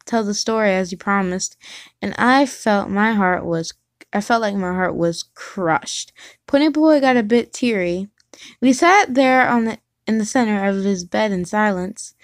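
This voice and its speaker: A woman's voice: medium pitch, no room sound. Woman reader, casual and giggly, reads fan fiction with self-corrections, dry close mic. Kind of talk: reading fan fiction aloud.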